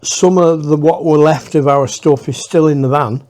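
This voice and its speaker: A man telling a personal adventure story in a casual, unhurried way, with pauses and hushed asides. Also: on the high side, fairly even intonation. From England. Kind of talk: casual spoken anecdote.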